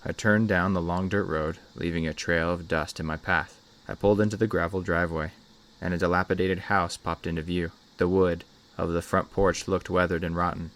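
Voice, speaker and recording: A man hosting a channel and reading a horror story aloud in a measured, scripted narration. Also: deep voice, flat delivery, fairly bright tone.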